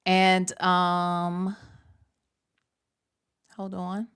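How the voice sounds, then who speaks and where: A woman's voice: fairly low pitch, completely flat delivery, extremely slow, fairly bright tone, clean tone. A woman hosting a casual livestream, talking to her audience in a chatty way, full of slang and swearing. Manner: chatty, swears freely, lots of slang and "y'all". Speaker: host.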